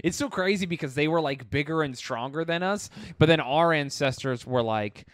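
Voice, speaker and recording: A man co-hosting a comedy podcast, riffing and acting out quick voices in casual chat. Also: fairly high pitch, no echo, studio quality. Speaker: podcast co-host.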